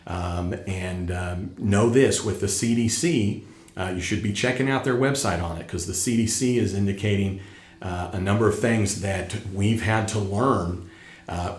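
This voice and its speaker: A middle-aged man hosting a tax channel, talking straight to viewers in an emphatic way that repeats his points, while still getting over an illness. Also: fairly low pitch. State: recovering from illness. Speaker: tax educator and channel host. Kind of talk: casual direct-to-camera talk. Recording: echoey room.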